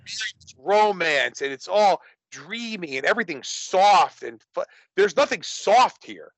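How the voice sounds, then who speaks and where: A man's voice: high voice, very animated, a little slow, a bit bright, no echo, rough recording. A man talking casually about horror films, rambling with many restarts. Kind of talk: casual movie discussion.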